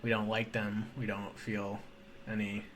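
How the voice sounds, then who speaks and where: A man co-hosting a casual book discussion podcast, chatty and quick to laugh. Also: on the low side, monotone, fairly bright tone, a little hiss or hum. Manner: chatty, laughs often, trails off. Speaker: podcast co-host.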